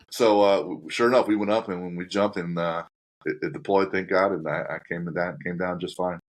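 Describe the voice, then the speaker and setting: A man with a low, deep voice hosting a podcast, recounting an experience step by step in relaxed conversation. He acts out his own reactions as he goes. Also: normal speed. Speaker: podcast host. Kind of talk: casual storytelling chat.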